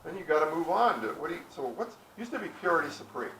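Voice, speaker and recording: A man giving a casual public talk, halting, with restarts and questions to the audience. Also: fairly high pitch, big pitch swings, a bit bright, a little hiss or hum. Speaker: presenter. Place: outdoor historic site. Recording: echoey and distant from the mic.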